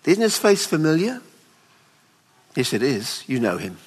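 Expressive male preacher in a reverberant hall. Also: on the high side, unhurried, husky. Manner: expressive, voices the father pleading tenderly. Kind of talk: sermon. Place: hall at a weekend away.

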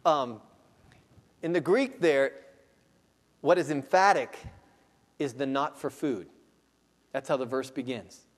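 A man preaching a sermon as pastor, dropping to hushed low asides and then building to loud, slow, rising exclamations. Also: animated, long reverb tail. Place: church sanctuary.

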